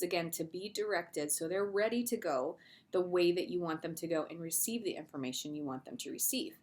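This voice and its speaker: A middle-aged woman, an English teacher, giving a recorded video lesson in a casual, conversational way with fillers and asides. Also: on the low side.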